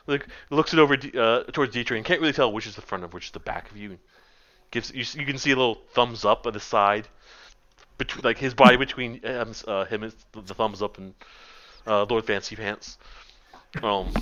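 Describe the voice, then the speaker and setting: A man's voice: fairly low pitch, unhurried, long pauses, fairly bright tone, dull audio. A man narrating as game master of a tabletop game, rambling with many ums and restarts.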